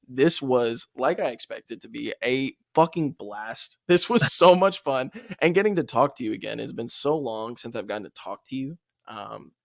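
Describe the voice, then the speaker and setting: A man's voice: medium pitch, gravelly, no echo, studio quality. A young man hosting a podcast, chatting casually and upbeat, laughing often and swearing now and then. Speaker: podcast host. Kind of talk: casual chat.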